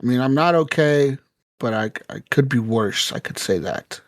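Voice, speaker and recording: A man's voice: medium pitch, animated, normal speed, dry recording, clean studio sound. A man co-hosting a podcast, telling a story casually with lots of swearing and laughter, acting out quotes. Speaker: podcast co-host.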